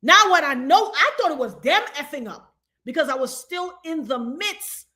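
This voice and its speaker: A woman from Trinidad, a guest on a live stream, telling a story in a dramatic, animated way over a call mic. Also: sits high, moderate pace. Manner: dramatic, animated retelling with acted-out quotes. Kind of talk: casual storytelling.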